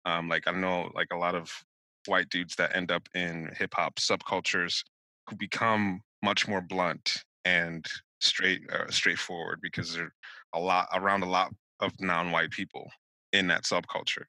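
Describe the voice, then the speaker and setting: A man talking in a casual discussion, reflective and measured, thinking aloud as he goes. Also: low-pitched, flat delivery, sharp tone, dry recording, low-quality recording. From United States.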